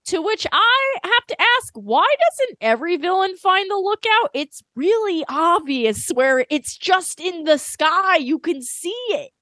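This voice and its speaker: A woman co-hosting a podcast, recapping an anime episode in casual, animated chat full of laughs and fillers. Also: extremely high pitch, a little slow, few pauses, no echo, studio quality. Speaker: podcast co-host.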